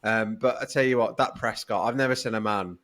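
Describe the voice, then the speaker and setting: A man's voice: on the low side, fairly quick, fairly bright tone. A British man co-hosting a sports podcast, teasing and joking in casual chat. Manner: joking, teasing, repeats catchphrases. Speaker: podcast co-host.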